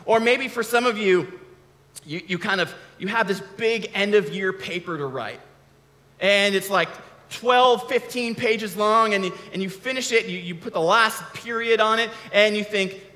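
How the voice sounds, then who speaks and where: Bright high-voiced man preaching. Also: moderate pace. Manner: conversational, with frequent restarts. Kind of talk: casual sermon. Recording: long hall reverb.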